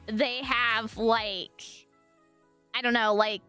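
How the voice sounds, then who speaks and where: A high, bright-voiced young woman from the US Northwest chats to her stream viewers in a loose, rambling way. She swears casually, piles on fillers and gets excited easily, with faint music playing underneath. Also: very slow, clear, resonant tone. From US Northwest, raised in Washington and Montana. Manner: chatty and animated, lots of fillers, swears casually, squeals and laughs when excited. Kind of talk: casual chat with viewers while gaming.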